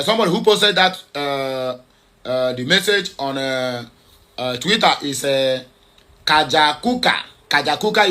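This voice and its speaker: A man's voice: on the high side, pushed and bright. A man commenting on social media posts, hesitant with many fillers and self-corrections, repeating points urgently. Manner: repetitive, urgent. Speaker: online news commentator.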